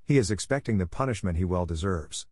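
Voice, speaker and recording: A stern old mountain man answers bluntly and briefly, voiced by a man reading aloud. His tone is low and plain, recorded close and dry. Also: expressive, quick pace, darkish tone, no echo.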